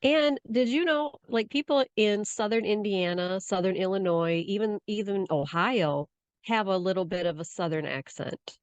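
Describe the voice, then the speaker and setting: A woman's voice: mid-range voice, moderate pace, smooth, no room sound, dull audio. A woman co-hosting a casual chat podcast from the United States, rambling and restarting her sentences. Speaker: podcast co-host.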